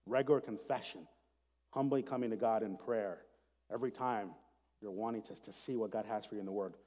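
A man preaching a sermon as a pastor, earnest and self-deprecating, reading scripture slowly and prayerfully. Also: fairly low pitch, dark tone. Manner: earnest, laughs at himself, slows down to read prayerfully. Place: church sanctuary with seat backs. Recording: long hall reverb.

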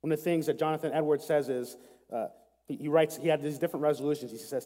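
A man preaching a sermon as a pastor, earnest and self-deprecating, reading scripture slowly and prayerfully. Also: on the high side, fairly even intonation, mellow. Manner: earnest, laughs at himself, slows down to read prayerfully. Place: church sanctuary with seat backs. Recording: long hall reverb.

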